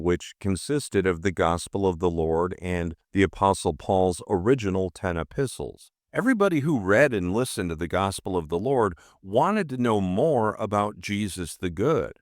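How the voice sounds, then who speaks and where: A man's voice: deep voice, lively intonation, normal speed, few pauses, no echo, clean studio sound. A man hosting a podcast, delivering scripted narration in an emphatic, rhetorical way. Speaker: podcast host.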